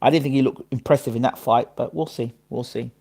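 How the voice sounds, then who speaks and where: A man hosting a casual live boxing stream, chatting his opinions and shouting out viewers by name and place. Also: mid-range voice, fairly even intonation, brisk, vocal fry, breathy edge.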